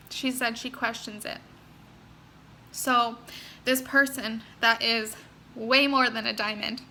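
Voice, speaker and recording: A woman's voice: fairly high pitch, pushed and bright, slight background noise. A young woman giving an earnest, encouraging motivational talk to her sales team, speaking straight to her listeners. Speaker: network marketing team leader.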